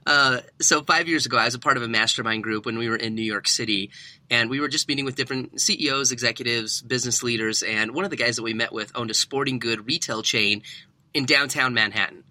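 Youngish guy in his 30s on a podcast, super bright forceful voice, dry close sound, tells stories all animated and does the voices. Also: mid-range voice, quick pace, no room sound. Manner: lively storyteller who acts out quoted dialogue. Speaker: podcast guest, workplace researcher. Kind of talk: animated storytelling interview.

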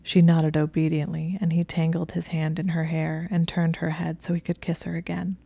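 A woman narrating a story softly, often dropping to a whisper. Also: deep voice, monotone, moderate pace, vocal fry, slightly rough, dry recording.

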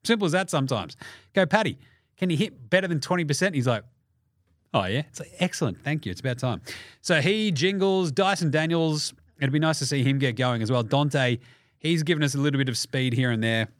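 A young Australian man hosting a basketball podcast, talking casually with lots of swearing and jokes, often mimicking people in quick put-on voices. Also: fairly high pitch, expressive, no room sound, clean studio sound. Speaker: podcast host. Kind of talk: casual sports podcast monologue.

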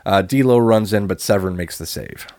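A man co-hosting a podcast, recapping matches in a deadpan play-by-play and swearing freely. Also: deep voice, moderate pace, no echo, studio quality. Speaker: podcast co-host recapping wrestling. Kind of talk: casual chat.

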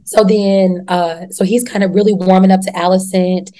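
A woman hosting a casual chat, recapping a TV show in a slangy, profane, animated way and acting out the characters. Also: medium pitch, normal speed, heavy background noise.

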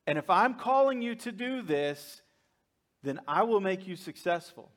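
A man's voice: high-pitched, animated, measured pace, fairly bright tone. A man preaching a sermon, voicing a patient but exasperated male God who teases and reassures. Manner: teasing, reassuring.

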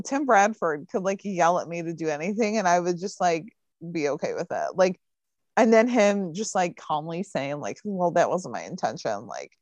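A woman's voice: lowish voice, dry recording. A woman casually recapping a TV episode for a podcast, chatty and full of fillers.

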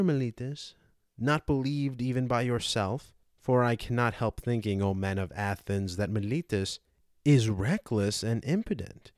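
A man's voice: fairly low pitch, darkish tone, dry recording, studio quality. A man reading as an old probing philosopher. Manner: rhetorical, cross-examining. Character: aged male philosopher, ironic and probing. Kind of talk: dramatized audiobook reading.

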